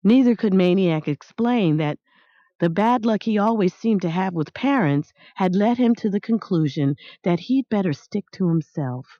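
A woman reading a storybook aloud as its narrator, in an expressive, animated way, in a dull, dry recording. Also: mid-range voice, moderate pace, dry recording. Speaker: audiobook narrator.

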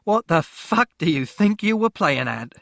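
A man's voice: a little high, big pitch swings, slow, no room sound, studio quality, heavily acted. A man doing a furious cursing commuter. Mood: exasperated. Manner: shouting, exasperated cursing. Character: angry swearing middle-aged London commuter man.

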